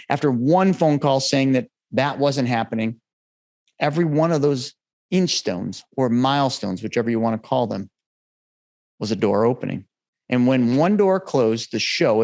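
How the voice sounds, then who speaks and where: A man hosting a podcast, telling an emotional personal story in an earnest way, dropping his voice low at the heavy moments. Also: darkish tone. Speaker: podcast host.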